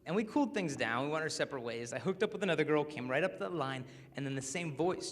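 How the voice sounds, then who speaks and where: Animated young man speaking in a hall. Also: a little high, fast talker, hardly any pauses, a little hiss or hum. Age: 20s. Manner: joking, animated, acts out quotes. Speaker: chastity speaker. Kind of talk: energetic talk to a high school audience. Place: large hall with a live audience. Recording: reverberant hall with faint ambience.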